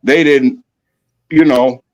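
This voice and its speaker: A man's voice: medium pitch, fairly even intonation, takes it slowly, a little mellow. A man co-hosting a podcast, arguing his point in a heated casual debate and pressing it again and again. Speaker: podcast co-host.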